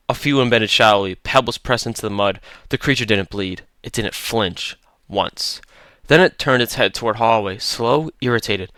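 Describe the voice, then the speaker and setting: A man's voice: on the low side, sharp tone, clear, resonant tone, no echo. A man narrating a horror story in a tense, clipped, dramatic way.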